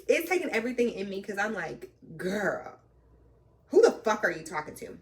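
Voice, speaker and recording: A young woman telling a story in a casual, animated way, acting out both sides of an argument and swearing freely. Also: mid-range voice, normal speed, distant mic. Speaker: trucking vlogger.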